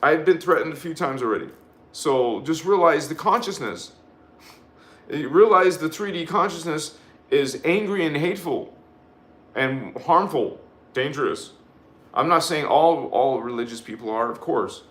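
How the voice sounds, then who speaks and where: A man's voice: on the high side, animated, a little slow, a bit bright, reverberant. A man giving a live spiritual sermon, emphatic and repetitive, leading the listeners in chanted affirmations and often restarting his sentences. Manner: rambling with frequent restarts. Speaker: spiritual teacher hosting a live show.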